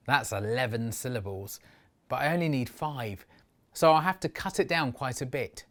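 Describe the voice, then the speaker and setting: A middle-aged man giving a lively poetry lesson for children, expressive and slowing down to sound out syllables. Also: mid-range voice.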